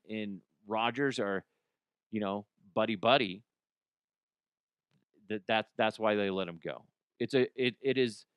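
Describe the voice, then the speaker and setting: Man, solo sports podcast rant, opinionated, swearing, smooth voice, dry sound. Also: lowish voice, fairly bright tone, dry recording. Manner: blunt, opinionated, swears freely; restarts and repeats words. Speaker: podcast host.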